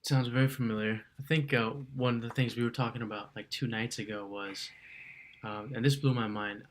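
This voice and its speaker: Relaxed man sharing a testimonial. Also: medium pitch, a little fast, a little hiss or hum. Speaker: coaching client. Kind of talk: casual testimonial.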